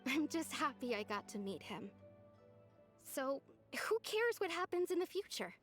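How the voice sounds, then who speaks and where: A heartbroken young woman in a video game, talking wistfully and with quiet resignation as she tries to stay brave. Her voice sits fairly high, and soft music plays faintly underneath. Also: big pitch swings, a little slow, full character voice.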